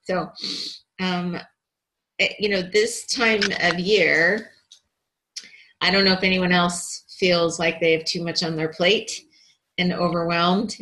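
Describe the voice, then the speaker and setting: A woman's voice: fairly low pitch, sharp tone, poor audio. A woman hosting an online women's group in a casual, chatty way, hesitating often with fillers. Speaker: host.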